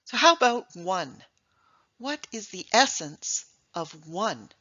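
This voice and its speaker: A woman's voice: medium pitch, big pitch swings, takes it slowly, fairly bright tone, dull audio. A middle-aged woman presenting a talk to an audience, emphatic and full of rhetorical questions. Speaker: speaker giving a talk on English.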